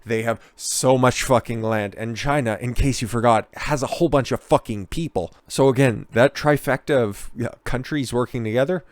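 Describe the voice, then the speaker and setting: A man's voice: fairly low pitch, normal speed, no room sound. Young male commentator, mocking and profane, dry close recording. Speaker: political commentator. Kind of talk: casual commentary on read-out news.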